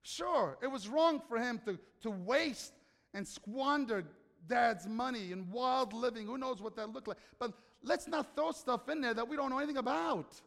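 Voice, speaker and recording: Brief: male pastor, high voice, chatty sermon that keeps asking the congregation questions, reverberant hall. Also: moderate pace, vocal fry, a bit bright. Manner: conversational, questions the audience, acts out quotes.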